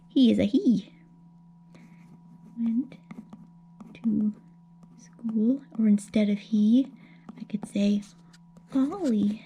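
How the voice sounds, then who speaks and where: Patient teacher woman with a gravelly voice. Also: mid-range voice, a little hiss or hum. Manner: gentle, patient, explaining slowly with many checks like okay. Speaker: elementary school teacher. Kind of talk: remote grammar lesson for young children.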